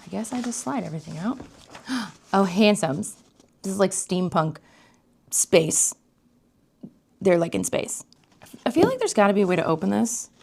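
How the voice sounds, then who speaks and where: A woman vlogger giving casual unboxing commentary, excitable, gasping and often slipping into whispers. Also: medium pitch, moderate pace, vocal fry, long pauses, breathy edge.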